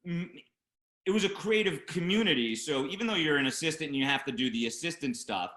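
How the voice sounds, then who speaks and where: A man, a film producer, telling a long story as an interview guest, acting out shouted lines of the people in it. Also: a little high, roomy sound. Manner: animated anecdote teller, acts out shouting voices. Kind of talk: casual storytelling.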